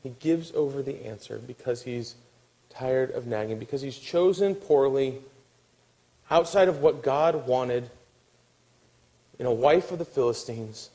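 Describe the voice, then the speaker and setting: A man preaching a sermon, telling a story with acted-out quotes and dropping to a hushed, weary tone. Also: medium pitch, a little slow, pauses often, low-quality recording. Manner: animated storytelling, acting out quotes, dropping to a soft hush. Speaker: pastor.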